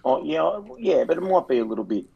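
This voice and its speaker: Australian man, young adult, gravelly husky voice, animated sweary footy banter. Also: fairly high pitch, a little fast, dull audio. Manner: animated, sweary storytelling, mimics friends. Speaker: podcast co-host. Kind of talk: casual footy podcast banter.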